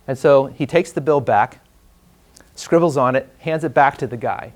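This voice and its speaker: A man, teaching a live class and telling a story in a relaxed, conversational way with fillers. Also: mid-range voice, moderate pace. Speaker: trainer. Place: training room before a class.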